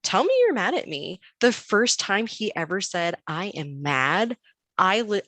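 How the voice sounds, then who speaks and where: A woman's voice: mid-range voice, normal speed, dry recording. A woman in her thirties, a podcast guest, telling family stories in casual chat and acting out the quoted dialogue. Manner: animated storyteller who acts out quoted dialogue.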